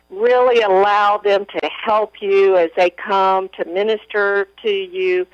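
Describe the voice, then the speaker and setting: A woman answering questions as a guest in a radio interview, soft-spoken and measured with pauses. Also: mid-range voice, dry recording. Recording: muffled radio audio.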